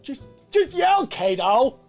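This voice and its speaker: A man putting on a shouty, boastful politician parody. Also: very high voice, sing-song, slow pace, soft background music, exaggerated voice. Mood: blustering. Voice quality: over-the-top, switches to sudden shouts and hushed asides. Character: brash blustering male politician parody, boastful. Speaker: show host. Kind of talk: unscripted comedy character monologue.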